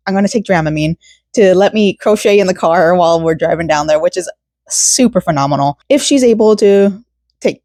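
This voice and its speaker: A woman's voice: lowish voice, darkish tone, no echo. A young woman from Florida chatting casually in a rambling, giggly way while she crochets, close to the mic. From Florida, USA. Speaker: vlogger.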